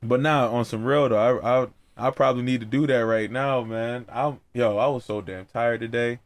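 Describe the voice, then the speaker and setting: Young man, podcast host, casual chat, slangy, laid-back, average pitch. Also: steady tone, normal speed. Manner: laid-back slangy storytelling, laughs a lot.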